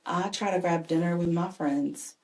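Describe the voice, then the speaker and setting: As a podcast guest, a woman who is a mother and caregiver recounts personal stories earnestly and with animation. Her fairly low, darkish voice has fairly even intonation and a moderate pace. The recording is echoey.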